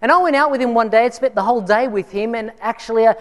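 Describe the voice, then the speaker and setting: Preaching a sermon in church, a man tells a personal story conversationally, restarting often. His voice is extremely high-pitched, fast and a bit bright, carried by a long hall reverb.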